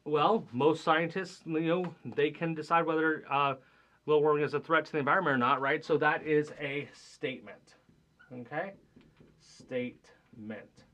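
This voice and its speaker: Bright and forceful, with a slightly high voice and measured pace, a young man runs a math class. He keeps the recorded lecture relaxed and chatty, regularly checking in with "right?" or "okay?" as he moves along.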